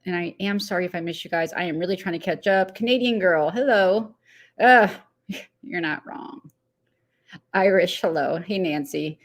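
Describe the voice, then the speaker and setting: A woman's voice: fairly low pitch, normal speed. A woman hosting a casual live stream, chatting loosely, laughing easily and greeting viewers one by one by name. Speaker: livestream host.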